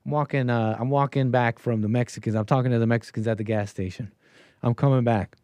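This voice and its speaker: A man's voice: mid-range voice, fairly even intonation, fast talker, a little mellow, no room sound. Rambling man hosting a call-in stream. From United States. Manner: rambling, with frequent restarts and asides. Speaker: livestream show host. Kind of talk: casual call-in show monologue.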